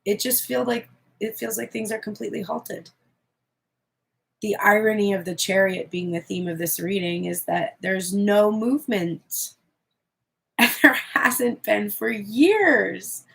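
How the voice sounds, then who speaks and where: A woman giving a channeled tarot reading in a candid, expressive way, swearing freely as she speaks. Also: medium pitch, a little slow, vocal fry, breathy edge. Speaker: tarot reader.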